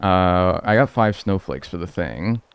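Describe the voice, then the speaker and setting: A man's voice: low voice, expressive, a little slow, clear, resonant tone, soft background music. A man streaming gameplay live, chatting casually with his viewers, joking and swearing freely. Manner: talks to chat and thanks subscribers. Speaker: game streamer.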